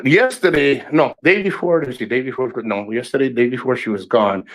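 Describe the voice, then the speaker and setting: A man's voice: mid-range voice, fairly quick, hardly any pauses. Blunt, profane man ranting on a livestream. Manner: animated storyteller who acts out quotes. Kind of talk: casual livestream rant.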